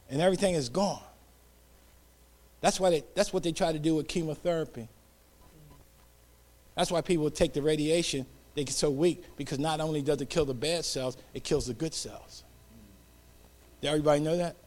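A man preaching a sermon, leading call-and-response and dropping to whispered hallelujahs between loud calls. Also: on the high side, moderate pace, pauses often.

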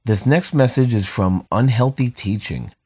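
A man's voice: medium pitch, moderate pace, dark tone, breathy edge. A middle-aged man co-hosting a casual podcast, reading out listener messages in a dry, teasing way and laughing often.

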